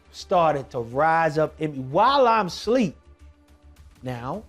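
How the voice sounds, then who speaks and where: Man, slow deliberate delivery, slightly higher voice, emphatic testimony, faint music behind. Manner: emphatic storytelling, from hushed to shouting. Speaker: documentary vlogger. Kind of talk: personal testimony.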